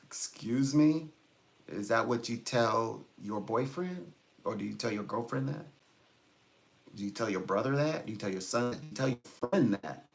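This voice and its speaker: A man's voice: fairly low pitch, lively intonation, normal speed, gravelly. A man working as a psychic reader, chatting casually on a livestream in a rambling way and chuckling often.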